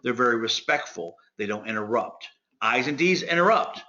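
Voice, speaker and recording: A man leads a sales training session, talking straight to his listeners as friends. His voice is bright and forceful, and his delivery is direct and full of energy. The recording is dull and lo-fi. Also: medium pitch, lively intonation, normal speed. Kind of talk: instructional talk.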